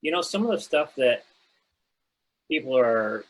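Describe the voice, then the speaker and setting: A man's voice: medium pitch, animated, unhurried, a little hiss or hum, rough recording. A man co-hosting a casual podcast happy hour, answering hesitantly as he thinks aloud. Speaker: podcast co-host. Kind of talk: casual live-stream chat.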